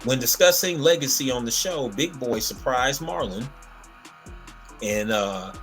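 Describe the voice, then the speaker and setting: Male podcast host, casual and animated storyteller, full of fillers, light music bed. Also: medium pitch, a little slow.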